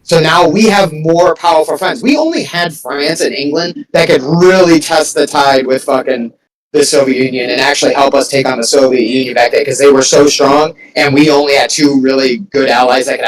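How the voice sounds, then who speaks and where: A man's voice: mid-range voice, a little fast, far from the mic, poor audio. A man in a casual political chat with a friend, rambling with lots of "like" and swearing casually.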